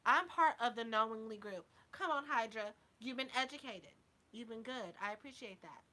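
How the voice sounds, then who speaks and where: A woman's voice: on the high side, normal speed, bright, forceful tone. A woman vlogger talking casually to her viewers, sassy and blunt with heavy swearing, a little drunk. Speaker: YouTube vlogger. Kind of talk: casual live chat to viewers.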